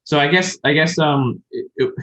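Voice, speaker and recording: A man's voice: fairly high pitch, moderate pace, a bit bright, low-quality recording. A man co-hosting a casual podcast, explaining Japanese vocabulary in a rambling way with lots of fillers and restarts. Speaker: podcast co-host. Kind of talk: casual chat about learning Japanese.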